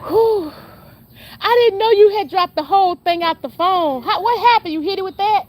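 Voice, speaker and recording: A woman's voice: very high voice, moderate pace. A woman vlogging outdoors in a yard, chatting to her viewers and laughing a lot as she talks. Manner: chatty, full of laughter, speaks straight to the viewers. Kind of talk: casual outdoor vlog chat.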